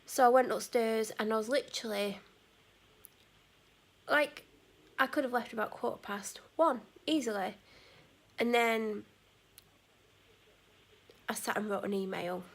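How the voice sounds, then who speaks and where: A tired woman chats in a rambling vlog, her slightly high voice unhurried and broken by long pauses. She corrects herself as she goes and sometimes lets her words sink nearly to a whisper.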